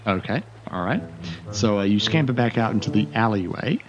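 A man's voice: fairly low pitch, animated, fairly quick, lo-fi sound. A man narrating as game master of a tabletop role-playing game, rambling with fillers and restarts.

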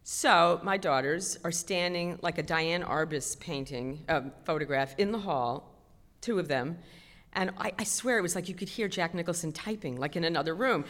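A middle-aged woman telling a self-mocking story on stage, chatty and animated. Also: fairly low pitch, moderate pace. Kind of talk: stand-up storytelling. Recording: long hall reverb.

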